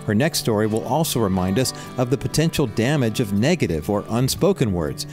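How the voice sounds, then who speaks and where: A man hosting a radio program, reading a scripted introduction in a smooth announcer style. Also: lowish voice, animated, fairly quick. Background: guitar music.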